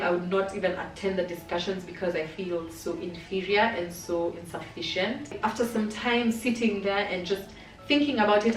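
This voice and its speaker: A young adult woman vlogger tells a personal story to camera, candid and chatty with lots of fillers. Her medium-pitched voice sounds distant and roomy, picked up off-mic with faint music behind.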